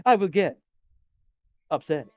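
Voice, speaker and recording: A man's voice: fairly high pitch, animated, slow pace, no room sound. A man bantering playfully, talking about himself in the third person in a mock-solemn way. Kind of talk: playful role-play banter.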